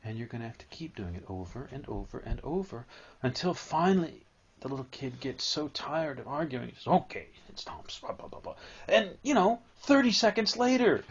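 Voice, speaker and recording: A man giving a live spiritual talk to an audience, animated and storytelling, at times acting out a whining child. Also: fairly high pitch, creaky, slightly rough, muffled recording.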